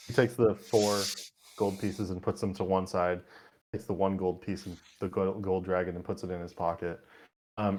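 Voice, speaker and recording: A man narrating a tabletop game as game master in a relaxed, descriptive way. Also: low-pitched, normal speed.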